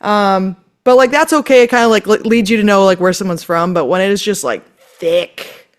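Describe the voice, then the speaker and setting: A woman's voice: medium pitch, normal speed. A woman from North Dakota, co-hosting a casual podcast chat, talking bluntly with lots of "like" fillers. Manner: chatty with frequent "like" fillers and blunt opinions. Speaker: podcast co-host.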